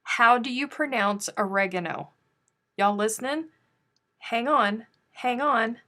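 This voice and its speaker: A woman's voice: on the high side, unhurried, pushed and bright. A woman hosting a casual crochet livestream, chatting playfully with viewers and reading their comments aloud. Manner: chatty, playful, drawling Southern turns of phrase.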